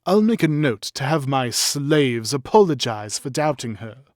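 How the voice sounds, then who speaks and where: A man's voice: mid-range voice, big pitch swings, a little slow, darkish tone, no room sound, studio quality, pitched above the performer's own voice. A man reading aloud and voicing a proud male magister, a mage with an aristocratic, haughty manner. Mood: mocking. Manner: haughty, defiant.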